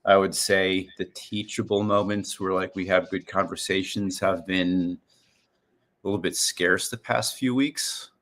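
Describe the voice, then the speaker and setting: A man's voice: deep voice, steady tone, unhurried, a bit bright. A man in his forties co-hosting a casual video-call chat, rambling and restarting his sentences. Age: 40s. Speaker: podcast co-host.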